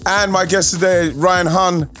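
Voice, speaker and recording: A man hosting a casual football podcast, rambling and halting with many restarts. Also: high voice, steady tone, pushed and bright, faint music behind. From England. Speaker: podcast host.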